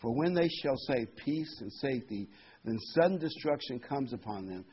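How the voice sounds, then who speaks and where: A middle-aged man preaching a prophecy sermon, reading scripture and repeating phrases for emphasis, his loudness rising and falling. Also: mid-range voice, animated, moderate pace, husky. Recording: dull lo-fi sermon recording.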